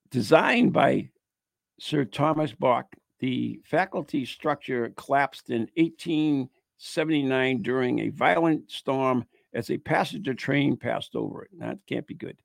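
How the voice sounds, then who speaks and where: A man's voice: medium pitch, slow pace, creaky, no echo. A man co-hosting a podcast, casually reading ghost stories aloud with joking, mock-grim asides. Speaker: podcast co-host.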